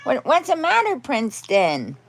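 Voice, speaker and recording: A woman's voice: sits high, wildly swooping pitch, a little slow. A woman hosting a casual home livestream, talking candidly and rambling, with a cat meowing now and then. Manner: rambling, candid, talks to her cats and chat. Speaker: livestream host.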